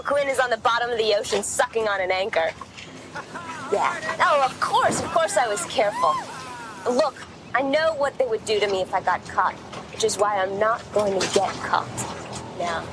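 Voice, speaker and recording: A woman's voice: fairly high pitch, animated, moderate pace, lightly acted. Actress doing a gloating female crook in a 90s TV drama, lilting voice, noisy clip. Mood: smug. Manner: smug, gloating. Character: scheming female jewel thief on the run. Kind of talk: 1990s TV drama. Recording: TV clip with background noise.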